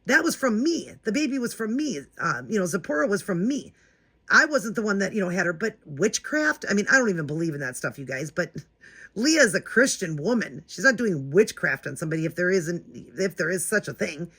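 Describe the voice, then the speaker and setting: A woman's voice: fairly low pitch, very animated, a little fast, a bit bright, husky. A woman hosting her own vlog, telling a story in a chatty, indignant way and talking straight to her viewers. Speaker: doll-collecting channel host.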